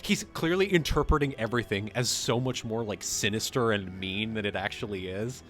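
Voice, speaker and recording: Excitable rambling man, live chat. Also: fairly low pitch, fairly quick. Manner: excitable, rambling, laughs often. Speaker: co-host. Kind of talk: casual livestream chat.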